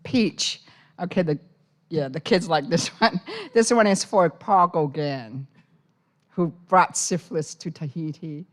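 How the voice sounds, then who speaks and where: A woman's voice: low voice, unhurried. A woman poet from Hong Kong giving a live poetry reading, with wry, teasing asides between the poems. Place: university poetry center reading room.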